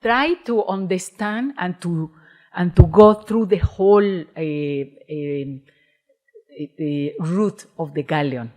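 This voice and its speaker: A woman's voice: lowish voice, a little mellow. A woman from Mexico with a strong Mexican accent, giving a lecture in an auditorium and often restarting her sentences. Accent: Mexican Spanish. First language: Spanish. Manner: hesitant, many restarts and fillers. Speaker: guest speaker, independent curator. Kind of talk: lecture presentation.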